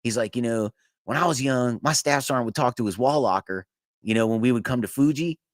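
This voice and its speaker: Brief: male podcast host, quick-talking storyteller who laughs a lot, close dry mic. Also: mid-range voice, dry recording. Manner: animated, laughs through stories, acts out quotes. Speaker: podcast host, former Navy corpsman with Marines. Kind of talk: casual storytelling chat.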